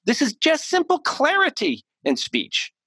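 American guy coaching on speech, really lively up and down voice, dry close mic. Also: extremely high pitch, measured pace, no echo. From United States. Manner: animated, emphatic explaining with restarts. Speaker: communication coach, guest. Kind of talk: podcast interview.

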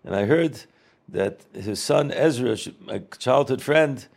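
A man's voice: medium pitch, lively intonation, measured pace, creaky, darkish tone. A middle-aged man casually reminiscing, rambling and repeating words, mixing in Yiddish and Hebrew terms. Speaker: storyteller recalling a rabbi.

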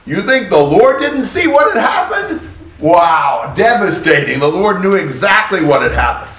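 A man teaching a Bible study class, thoughtful and emphatic, pausing to exclaim for effect. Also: high voice, big pitch swings, a bit bright, echoey room.

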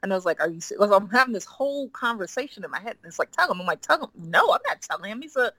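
A woman in her forties telling a personal story as a guest, acting out the quoted dialogue with lively energy. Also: mid-range voice, rapid-fire, dry recording. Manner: animated, acts out quoted dialogue. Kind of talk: casual storytelling.

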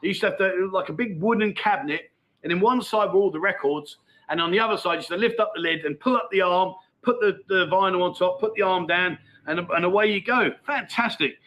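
A man's voice: sits high, brisk, lo-fi sound. A middle-aged man hosting a casual livestream, chatting and reading out viewer comments in a matey, laughing way. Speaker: livestream host. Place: Pattaya, outdoors.

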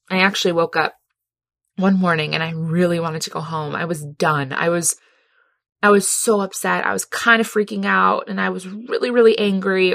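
A woman's voice: fairly low pitch, creaky, a bit bright, dry recording, clean studio sound. A woman talking earnestly and heartfelt about a personal experience, laughing easily as she tells it. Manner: earnest, heartfelt, laughs often while telling. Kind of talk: personal reflective talk.

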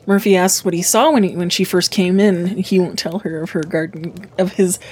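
A woman's voice: fairly low pitch, fairly even intonation, fairly quick, a little mellow, breathy edge. A woman on a casual book podcast, summarizing plot points in short plain sentences. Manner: brief summaries and agreement. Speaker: podcast co-host.

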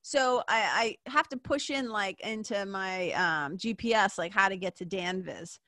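Bright lady in her 50s, rambly podcast storytelling, lots of likes and swearing, dry close sound. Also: mid-range voice, a little slow, dry recording. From Massachusetts, USA. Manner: rambling, heavy "like" fillers, swears, laughs often. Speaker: podcast host. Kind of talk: casual personal storytelling.

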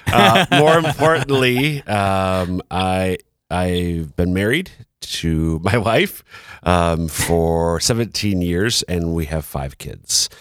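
A middle-aged man co-hosting a podcast in casual chat, playful, laughing often and pausing on fillers. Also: low-pitched, animated, a bit bright, smooth, no echo, studio quality. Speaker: podcast co-host.

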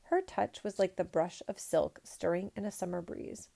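A woman reading a picture book aloud in a measured, expressive storytelling manner. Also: on the low side, vocal fry.

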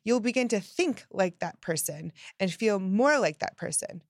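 A woman's voice: medium pitch, lively intonation, moderate pace, no room sound. A young woman speaks as a motivational host, upbeat and emphatic. She is heard up close in a dry, dead room. She punches her key phrases and slips into playful quoted inner voices. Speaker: self-help podcast host. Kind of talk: motivational talk to listeners.

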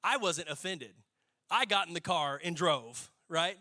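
A young adult man preaching a sermon, folksy and animated, building to emphatic peaks. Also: a little high, a little slow. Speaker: pastor.

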